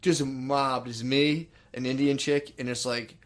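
A man's voice: medium pitch, level tone, unhurried. A young man co-hosting a podcast, telling a story in casual, profane chat and laughing often. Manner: profane, laughing, acts out quoted people. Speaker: podcast co-host.

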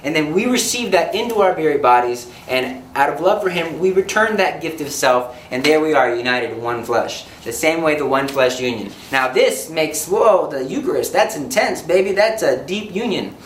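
Animated male preacher in an echoey room. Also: on the high side, normal speed, few pauses, slight background noise. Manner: animated, joking, acts out scenes. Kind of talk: sermon.

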